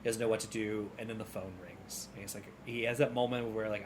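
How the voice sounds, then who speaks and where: A man's voice: fairly low pitch, fairly even intonation, fast talker, few pauses, noisy background. A man co-hosting a gaming podcast in casual chat, retelling a game's story and acting out the characters' lines. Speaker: podcast co-host.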